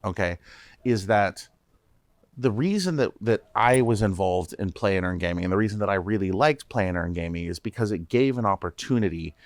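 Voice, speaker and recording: A man, a startup CEO, speaking as a guest on a podcast interview. He talks in an animated way, restarting often and repeating words. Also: on the low side, a little fast, no room sound.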